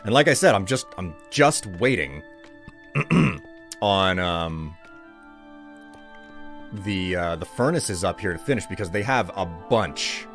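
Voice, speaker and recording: A man streaming himself gaming, chatting in a relaxed, rambling way that often corrects itself. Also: low-pitched, takes it slowly, long pauses, soft background music. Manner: rambling, self-correcting, chuckling. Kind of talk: laid-back live-stream chat while gaming.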